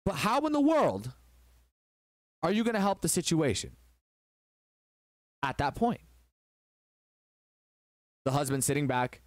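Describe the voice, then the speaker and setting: A man's voice: fairly high pitch, big pitch swings, a little slow, long pauses, no echo, studio quality. A man hosting a relationship advice talk, telling a story in an emphatic, preachy way.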